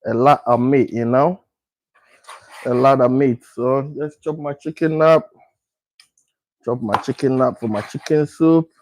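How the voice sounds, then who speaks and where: A man's voice: mid-range voice, darkish tone, dry recording, poor audio. A man from Ghana talking casually through a home cooking video, repeating his words as he works. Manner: repetitive, unhurried, talks while working. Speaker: cooking vlogger.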